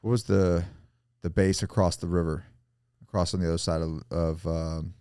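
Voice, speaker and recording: Man in his thirties, very low voice, casual and profane host, dry close sound. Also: little pitch movement, moderate pace, dark tone, clear, resonant tone, dry recording. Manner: casual, profane, agreeable with frequent yeahs. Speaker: podcast host. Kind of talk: casual podcast interview.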